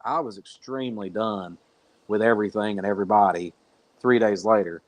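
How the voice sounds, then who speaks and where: Here a man speaks at a fairly low pitch and a fairly quick pace, in a dry recording. He's a podcast guest joining over a remote call, telling a long story bluntly and ramblingly, with a swear word here and there, in a casual storytelling interview.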